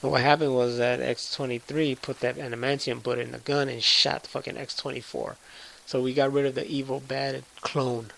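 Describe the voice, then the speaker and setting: A man casually recapping a film's plot with heavy swearing and excitable storytelling. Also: medium pitch, moderate pace, vocal fry, poor audio. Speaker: movie reviewer.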